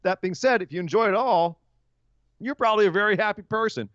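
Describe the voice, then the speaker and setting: A man's voice: high voice, brisk, a bit bright, dry recording, dull audio. A man hosting a wrestling podcast, chatting casually and teasing his co-host. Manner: joking, ribbing his co-host.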